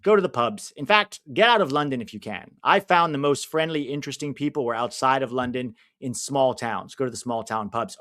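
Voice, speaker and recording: Fairly quick and with few pauses, the mid-range voice of an American host carries his live football watch-along. He's chatty, responds to comments from viewers, and flares up with excitement at chances during the match.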